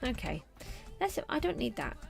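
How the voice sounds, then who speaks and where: A woman's voice: on the high side, sing-song, moderate pace, creaky, faint music behind. A middle-aged woman streamer chatting casually to viewers while she plays a game. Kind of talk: casual live gameplay commentary.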